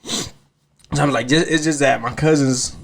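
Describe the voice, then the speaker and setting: Male podcast host, gravelly, slangy and rambling, casual chat. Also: mid-range voice, steady tone, measured pace, a bit bright. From California. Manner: loose, slangy storytelling with many fillers.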